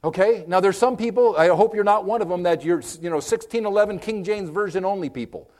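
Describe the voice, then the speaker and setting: A man preaching a conversational sermon, folksy and direct with his listeners, swinging from loud emphasis to hushed, whispered moments. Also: high-pitched, fairly quick. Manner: folksy, direct, addresses listeners with okay and amen.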